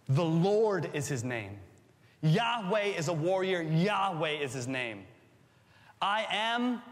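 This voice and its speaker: A man's voice: mid-range voice, fairly bright tone. A man preaching a sermon, playful and teacherly, who asks his listeners questions and jokes with them. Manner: playful, quizzes the audience with jokes. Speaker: pastor. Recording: long hall reverb.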